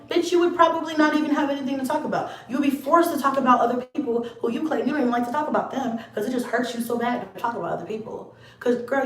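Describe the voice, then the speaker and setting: Woman going off on camera, high voice, cussing and blunt, kinda far from the mic. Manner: blunt, profane, confrontational. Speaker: vlogger. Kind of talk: casual rant to camera. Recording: echoey room, set back from the mic.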